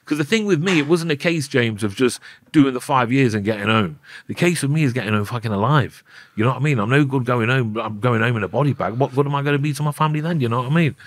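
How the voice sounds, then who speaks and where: A man's voice: mid-range voice, fast talker, no echo. A middle-aged man with a Nottingham accent, a podcast guest telling his story bluntly in a casual interview, with plenty of swearing. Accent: Nottingham English. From Nottingham, England.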